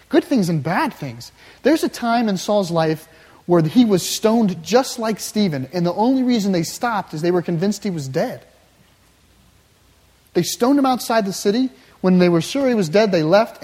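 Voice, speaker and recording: Preacher, emphatic sermon, mid-pitched voice, long echo of a big hall. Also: a little mellow, slightly rough. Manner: emphatic, builds with repeated phrases.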